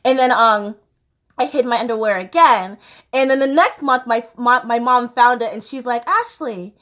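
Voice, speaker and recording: A young American woman talks straight to her viewers in a bubbly, chatty vlog style. Her voice sits high and bright. She laughs easily, and her talk is full of little fillers. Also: moderate pace. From United States. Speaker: YouTube host.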